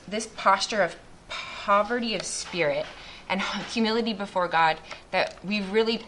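Earnest low-voiced woman giving a testimony. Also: a bit bright, a little hiss or hum. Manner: earnest and reflective, with frequent restarts. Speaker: missionary speaker. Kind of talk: faith testimony talk to a group.

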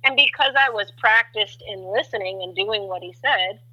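Animated woman on a tinny phone line. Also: moderate pace, breathy edge. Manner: animated storyteller, acts out voices with big pitch jumps. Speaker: guest. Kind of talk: testimony in a faith talk show.

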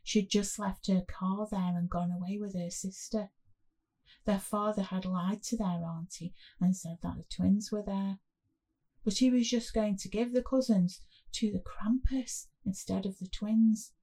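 Slow husky lady reading a spooky story, low mellow tone. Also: steady tone. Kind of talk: first-person story narration.

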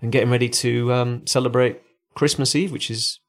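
A man co-hosting a casual podcast, dry and teasing in manner. His voice sits at a middling pitch, and he keeps an easy, conversational delivery. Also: steady tone, normal speed. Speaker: podcast co-host. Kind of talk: casual chat.

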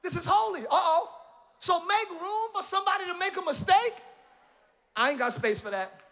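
A male pastor preaching in a church, his voice pitched very high and ringing bright and forceful. He swings from hushed, conversational asides into loud, climbing shouts and teasing humor aimed at the congregation. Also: animated, normal speed. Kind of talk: sermon. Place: church sanctuary.

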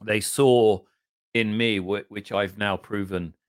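A middle-aged man from southern England with an English accent, a podcast guest telling long, self-deprecating anecdotes in casual conversation and often clearing his throat. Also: fairly low pitch, fairly even intonation, slow, no room sound, studio quality. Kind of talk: casual interview storytelling.

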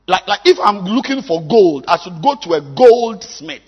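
A man, preaching a sermon as a pastor, swinging from low musing to loud exhortation. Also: sing-song, normal speed, few pauses, husky. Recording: long hall reverb.

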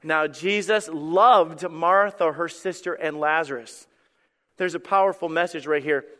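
A man's voice: on the high side, unhurried, fairly bright tone. A man preaching a sermon as pastor, impassioned and building to emphatic peaks with repeated phrases. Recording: church hall with long reverb.

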